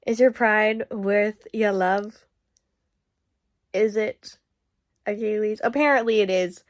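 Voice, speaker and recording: A woman's voice: mid-range voice, steady tone, takes it slowly. A young woman talking casually at home about a book she is reading, chatty and exasperated, breaking into laughs. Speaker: book vlogger. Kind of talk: casual reading-update vlog.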